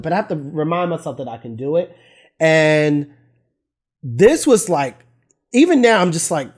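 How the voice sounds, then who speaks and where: A man's voice: fairly high pitch, expressive, measured pace, darkish tone. A thirty-year-old man, an artist, talking casually and candidly about his own work, trailing off and restarting and getting emotional. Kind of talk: casual talking-head vlog.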